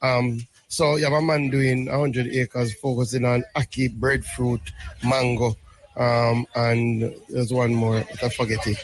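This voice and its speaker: A man's voice: mid-range voice, level tone, unhurried. A man, a government minister explaining policy patiently in an interview, often checking in with "right?". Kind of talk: interview answers.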